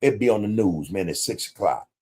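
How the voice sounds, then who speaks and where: A man's voice: on the low side, animated, fairly quick, dark tone, husky. A man hosting a podcast livestream, talking bluntly in street slang with plenty of profanity and greeting viewers in the chat. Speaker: podcast host. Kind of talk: casual livestream commentary.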